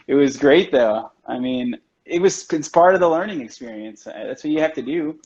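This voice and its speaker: A man's voice: on the high side, expressive, moderate pace, a little mellow. A man on a video call, telling stories about his work in a loose, chatty way and filling his talk with "like" and "you know". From United States. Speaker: chocolatier guest. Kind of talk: casual storytelling chat. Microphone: video call from home. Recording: dull lo-fi livestream audio.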